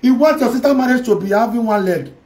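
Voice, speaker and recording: A woman's voice: on the high side, lively intonation, fast talker, dark tone, low-quality recording. A woman with a Nigerian Pidgin English accent hosting a celebrity gossip vlog, teasing and mocking as she talks. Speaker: gossip show host.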